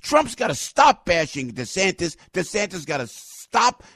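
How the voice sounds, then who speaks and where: A man hosting a talk show, giving fired-up political commentary, ranting, repeating himself and bursting into shouts. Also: high voice, sing-song, unhurried, no echo, clean studio sound.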